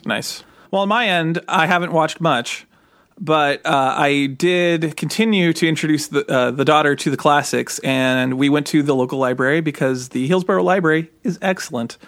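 A man in his thirties co-hosting a casual podcast chat, lively and acting out quoted voices as he tells stories. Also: a little high, normal speed, no echo. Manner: animated, acts out quoted voices. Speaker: podcast co-host.

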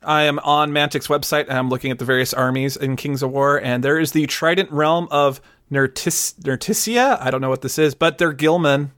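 A male podcast host chatting eagerly, his voice pitched a little high. His tone is smooth and clean, and the sound is dry and close. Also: normal speed, few pauses, fairly bright tone, no echo. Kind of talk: casual podcast chat.

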